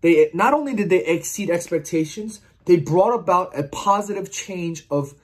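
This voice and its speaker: A man's voice: high-pitched, lively intonation, normal speed, slightly rough. A man giving a heartfelt, earnest post-match reflection to camera as a football vlogger, often stumbling and repeating words. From outside England, watching from across the Atlantic.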